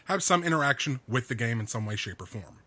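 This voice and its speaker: A man with a bright, forward voice co-hosts a relaxed podcast from a small home studio. He sounds upbeat and laughs easily between points. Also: mid-range voice, quick pace. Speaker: podcast co-host. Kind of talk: casual chat.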